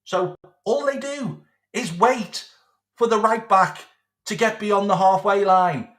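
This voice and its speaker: A man's voice: high voice, slow, a bit bright, echoey room. A man delivering a sarcastic, sweary football rant as a vlog host, repeating his points. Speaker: football fan vlogger. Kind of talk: ranting monologue.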